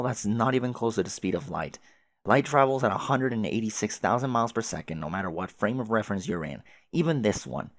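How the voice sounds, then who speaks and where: A patient, nerdy teenage girl who explains things calmly, as a man puts her on. His voice stays low and a bit soft, in a dry, close sound. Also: no room sound. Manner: calm, explaining.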